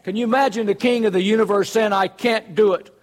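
A man's voice: high voice, fairly even intonation, quick pace. A man preaching a sermon in an earnest, conversational way, full of rhetorical questions.

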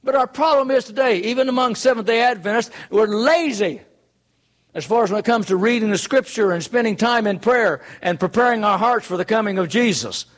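A man's voice: sits high, brisk. A man preaching a sermon in an earnest, conversational way, full of rhetorical questions.

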